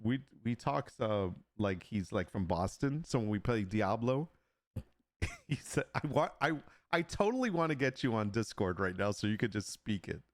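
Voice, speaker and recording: A man hosting a casual live stream, joking and laughing often and slipping into playful mock sales pitches. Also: big pitch swings, normal speed, no room sound, clean studio sound. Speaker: livestream host and digital artist.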